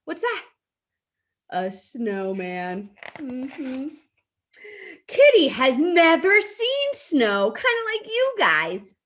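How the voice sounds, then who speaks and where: Preschool teacher, woman: high sing-song voice, unhurried, big gasps, reads stories to little kids. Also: wildly swooping pitch, fairly bright tone, slight background noise. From lives in a hot desert city in the US west. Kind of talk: reading a storybook to young children.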